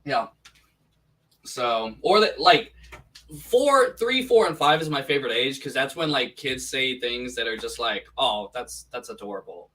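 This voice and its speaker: Bright-voiced man, a bit off-mic. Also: mid-range voice, animated, unhurried. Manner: laughs often, stumbles over words. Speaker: podcast co-host. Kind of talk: casual chat. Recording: distant mic.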